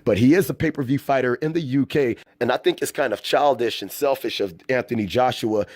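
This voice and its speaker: A man's voice: mid-range voice, a little fast, a little mellow, no echo. A man from the US hosting a boxing news channel, reading articles aloud and giving casual, slangy, fired-up opinions. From United States. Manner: casual, slangy, worked-up commentary.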